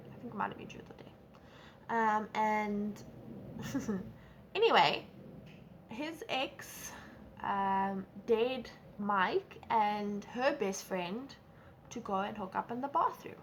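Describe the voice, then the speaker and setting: A young woman with a South African accent telling a storytime vlog, animated and acting out quotes. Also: a little hiss or hum. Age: young adult. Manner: animated, acts out quotes with big pitch jumps. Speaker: vlogger. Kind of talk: casual storytime.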